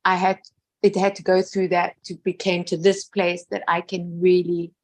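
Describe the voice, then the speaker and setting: An earnest woman with a fairly low voice, speaking with deep feeling as she shares a personal story. She repeats her phrases, lets out soft laughs, and often sinks into a hushed, gentle tone. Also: level tone, moderate pace. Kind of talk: emotional personal testimony.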